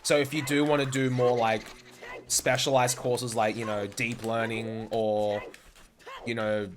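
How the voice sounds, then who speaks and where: A man's voice: medium pitch, little pitch movement, unhurried. Young Aussie guy chatting while gaming. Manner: swears often, rambling anecdotes with fillers. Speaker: speedrunner streaming and chatting. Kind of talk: casual live-stream chat while playing.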